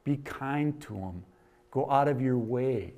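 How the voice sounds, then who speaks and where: A man with a Wisconsin accent preaches in a middle-pitched voice. He reads scripture with loud, emphatic lift and then falls to quiet, conversational asides. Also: takes it slowly. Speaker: pastor. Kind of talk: sermon.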